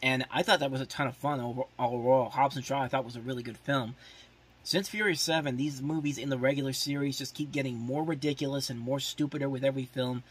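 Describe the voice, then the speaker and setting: Speaking at a quick pace with a breathy edge, a man with a medium-pitched voice and fairly even intonation hosts a podcast. He rambles casually through a movie preview, saying "like" a lot and restarting often, plainly opinionated and exasperated about the films.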